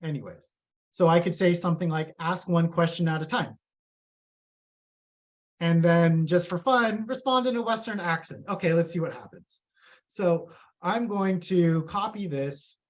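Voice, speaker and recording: A man's voice: sits high, lively intonation, moderate pace. A man giving a casual, chatty live tech presentation and reading audience comments aloud.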